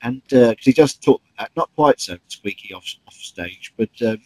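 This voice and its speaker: A man's voice: mid-range voice, lively intonation, normal speed, few pauses, no room sound, poor audio. A man, a stage actor recalling stories in an interview, chatty with many ums and restarts. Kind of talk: interview anecdotes.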